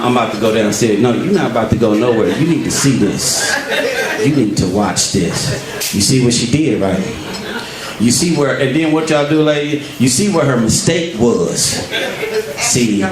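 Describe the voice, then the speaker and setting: A man's voice: mid-range voice, moderate pace. Man doing stand-up in a roomy club. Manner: animated storytelling, acts out voices. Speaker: stand-up comedian. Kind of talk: stand-up comedy set. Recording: roomy live club sound from far off. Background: crowd laughter.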